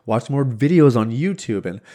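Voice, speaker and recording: A man hosting a podcast, telling a casual story with lively delivery, many restarts and filler words, acting out other people's lines and laughing easily. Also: medium pitch, moderate pace. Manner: animated, acts out quoted voices, laughs easily. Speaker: podcast host.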